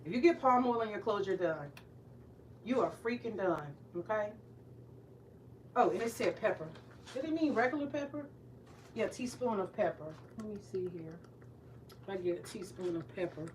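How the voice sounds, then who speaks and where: A chatty woman talking through her cooking in a home kitchen, wandering from point to point and stopping to hunt for words. She sits a little back from the mic, and a soft sizzle of frying runs underneath. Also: mid-range voice, animated, moderate pace, long pauses, far from the mic, slight background noise, poor audio. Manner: chatty, rambling, searches for words. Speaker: home cook vlogger. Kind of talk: casual cooking vlog.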